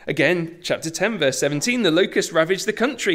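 A middle-aged man preaching a sermon, conversational and animated, with asides and self-deprecating humour. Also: a little high, moderate pace, hardly any pauses. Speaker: pastor.

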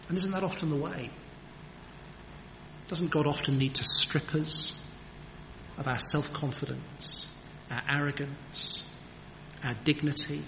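A man preaching a sermon in an earnest, emphatic manner, with rhetorical questions. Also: fairly high pitch. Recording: long hall reverb, faint background noise.

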